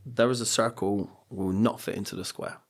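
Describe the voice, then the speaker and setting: A man's voice: on the low side, steady tone, moderate pace, vocal fry. A middle-aged man, a coach and speaker, telling personal stories on a podcast in an earnest, motivational way. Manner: earnest, motivational, acts out quotes. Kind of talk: reflective podcast storytelling.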